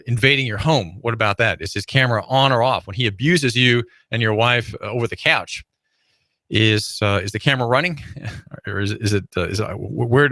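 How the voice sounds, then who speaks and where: A man's voice: lowish voice, pushed and bright, dry recording. A man hosting a talk radio show, rambling through a monologue with many fillers, restarts and wry chuckles. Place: radio studio.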